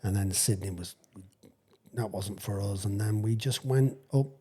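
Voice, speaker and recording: A man's voice: fairly low pitch, a little slow, warm tone, breathy edge. A man around sixty, a retired rugby league player telling rambling, chuckling stories as a podcast guest. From England. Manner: rambling, chuckling storyteller with frequent restarts. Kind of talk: casual storytelling anecdote.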